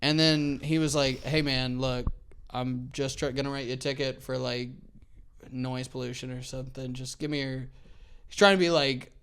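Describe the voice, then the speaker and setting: A man's voice: mid-range voice, moderate pace, slight background noise. A young man co-hosting a casual podcast, telling stories with energy and acting out what other people said. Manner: animated storyteller, acts out quoted voices. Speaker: podcast co-host.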